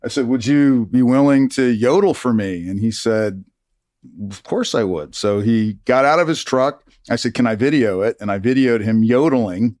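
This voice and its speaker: A man's voice: lowish voice, no room sound, studio quality. A middle-aged man, a retired army officer, telling stories in an interview and acting out the people he quotes. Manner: animated, acts out quoted dialogue. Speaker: retired army colonel, guest. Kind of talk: conversational storytelling interview.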